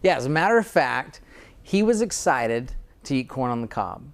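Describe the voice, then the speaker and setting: A man's voice: mid-range voice, sing-song, moderate pace. A dentist in conversation, speaking earnestly and often repeating words as he starts a thought. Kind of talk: conversational interview.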